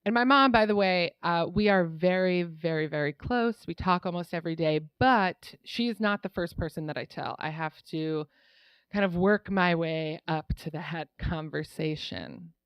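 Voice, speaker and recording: A woman's voice: on the low side, normal speed, clear, resonant tone, no room sound. A woman telling a true personal story on stage in a wry, conversational way, often laughing through her lines. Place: live storytelling venue.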